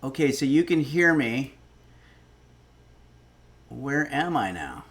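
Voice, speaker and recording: A man's voice: mid-range voice, very animated, takes it slowly, fairly bright tone. A man hosting a casual cooking livestream, rambling and wry, swearing when irritated. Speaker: cooking stream host.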